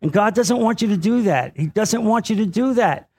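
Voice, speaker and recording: A man, a Bible teacher, preaching a sermon in an animated way, with frequent fillers and acted-out voices of the people in his stories. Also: high-pitched, normal speed, breathy edge. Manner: animated, acts out quoted voices, many fillers. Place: church or meeting hall.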